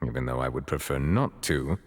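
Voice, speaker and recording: An actor playing a calm, formal male chief justice in a game, measured and courteous. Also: very deep voice, a little hiss or hum. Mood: dry.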